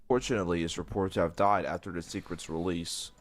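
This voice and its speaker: A man giving a scripted documentary narration in a measured, matter-of-fact way. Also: sits low, fairly even intonation.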